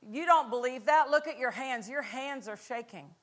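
A woman preacher voicing a mocking male devil in a low, hushed, quick taunt during a sermon.

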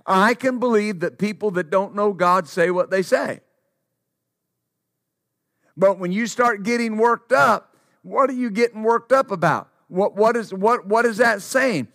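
A male preacher with a notably high voice delivers a sermon at a slow, deliberate pace. He drives his points home by repeating short phrases. The sound is dry, with no room echo. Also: a bit bright. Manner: emphatic, repeats phrases for stress.

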